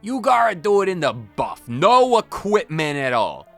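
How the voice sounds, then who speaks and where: A man's voice: high voice, sing-song, measured pace, gravelly, a bit bright, faint music behind, voice pushed up, heavily acted. A man voicing a blunt lone male warrior in a video game, speaking in a thick put-on accent. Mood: gruff. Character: lone male warrior who challenges heroes.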